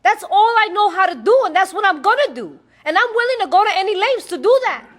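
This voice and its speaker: A woman's voice: very high voice, animated, fast talker. A woman giving a blunt, streetwise personal testimony to a recovery meeting, laughing often as she talks.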